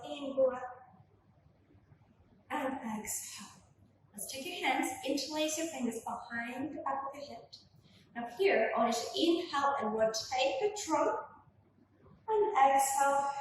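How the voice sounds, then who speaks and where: A woman instructor gently guiding a pilates workout, calmly cueing breath and movement, recorded in a room at home. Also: high voice. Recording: echoey room from far off, faint noise.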